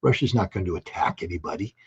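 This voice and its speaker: A man giving forceful, sarcastic political commentary as a guest analyst, with a husky voice. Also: sits low, lively intonation, quick pace, lo-fi sound. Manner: forceful, sarcastic, quotes leaders in mock voices.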